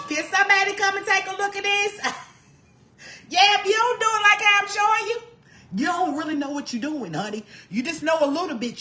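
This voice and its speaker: A woman's voice: high-pitched, sharp tone, roomy sound. A woman demonstrating home cooking, folksy and chatty, calling the viewer honey and laughing often. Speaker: home cook vlogger. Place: home kitchen.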